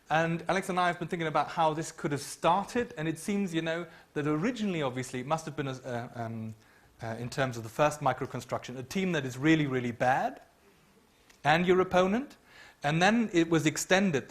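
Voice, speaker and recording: A man's voice: a little high, brisk. A middle-aged man giving a university lecture into a microphone, explaining with frequent ums and humming tunes. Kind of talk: academic lecture.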